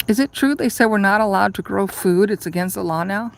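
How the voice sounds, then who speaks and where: A woman's voice: mid-range voice, a little fast, vocal fry. A woman vlogger telling a rambling, profane story in a casual chat, ranting and laughing at herself.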